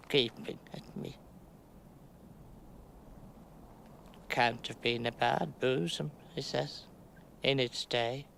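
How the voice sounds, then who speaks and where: An actress playing Winnie, a rambling middle-aged woman trapped in a mound, in a halting theatrical monologue that sinks to near-whispers. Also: a bass voice, vocal fry, a little hiss or hum, exaggerated voice. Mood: wistful. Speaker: stage actress.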